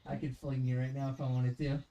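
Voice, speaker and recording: A woman's voice: rumbling low, flat delivery, quick pace, dark tone, highs cut off. A woman streamer in casual chat who teases, swears and laughs a lot, grunting with effort as she horses around. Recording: clear music playing behind.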